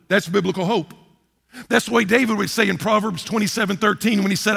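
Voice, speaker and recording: Man preaching, bright tense tone, husky edge, long church reverb. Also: high voice, fast talker. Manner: impassioned preaching, swinging from loud to hushed. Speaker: pastor. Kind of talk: sermon.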